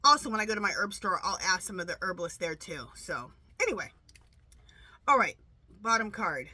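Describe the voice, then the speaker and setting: A woman tarot reader talks to her viewers in a loose, rambling way, often restarting her sentences. Her voice is bright and forward, and her nose is stuffed up from allergies. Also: medium pitch, animated, brisk. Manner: chatty, rambling, many restarts. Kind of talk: casual monologue to camera.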